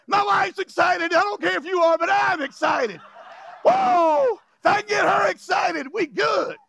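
A male pastor preaching a fiery revival sermon, often shouting with emotional cries and joking with the congregation in casual, informal grammar. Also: very high-pitched, normal speed, vocal fry. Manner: jokes and laughs with the congregation.

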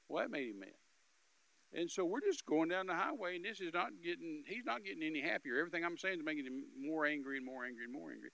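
Man, minister, storytelling testimony, bright forceful voice, slightly high, emphatic. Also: lively intonation, fast talker, gravelly, dry recording, rough recording. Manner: emphatic, repetitive, loud bursts.

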